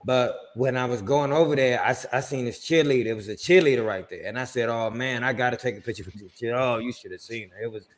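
A man co-hosting a sports podcast, telling a story in casual chat and acting out his own reactions with sudden high exclamations. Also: fast, hardly any pauses. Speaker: podcast co-host.

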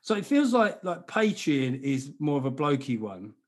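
A man's voice: on the high side, very animated, moderate pace. A man hosting a podcast, rambling in a profane, self-mocking way. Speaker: podcast host. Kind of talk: casual chat.

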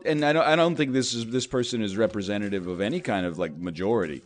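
Rambling self-deprecating male host. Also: fast. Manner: jumps in pitch when acting out quoted people. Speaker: show host. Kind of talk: casual comedic monologue.

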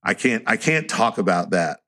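A man with a low, gravelly voice talks casually on a podcast, swearing freely as he tells stories. He often drops into a deeper voice to imitate other people. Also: big pitch swings, normal speed, sharp tone. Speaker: tattoo artist guest.

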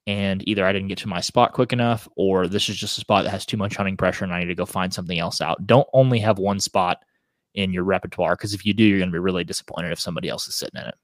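A man's voice: deep voice, steady tone, fast, no echo, clean studio sound. A man in casual podcast chat, giving direct, matter-of-fact advice.

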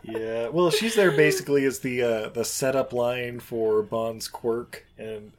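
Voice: medium pitch, measured pace, slight background noise. A podcast host recapping a movie in a rambling, jokey way with many fillers. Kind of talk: casual movie recap chat.

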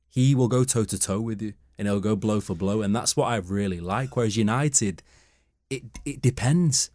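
A man's voice: fairly low pitch, darkish tone, dry recording, studio quality. A man arguing football opinions emphatically in a casual panel chat.

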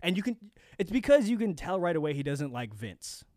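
A man's voice: a little high, very animated, brisk, darkish tone, no room sound. Rambling man co-hosting a podcast, dry sound. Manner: rambling, restarts often, laughs. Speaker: podcast co-host. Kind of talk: casual chat.

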